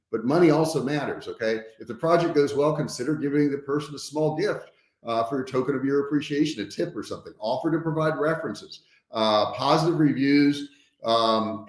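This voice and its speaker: A man giving casual business advice to his livestream viewers, talking frankly and with emphasis. His voice sits in a middle pitch. The sound is roomy and echoey, like a home office with bare walls. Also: moderate pace, a little mellow. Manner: frank and emphatic, often tags points with "okay?". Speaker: business trainer hosting a livestream.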